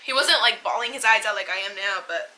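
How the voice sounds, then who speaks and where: A young woman telling a personal story on her vlog in a casual, halting way, turning tearful. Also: medium pitch, sharp tone, rough recording. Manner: emotional, tearful retelling, halting. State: crying at times. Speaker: vlogger.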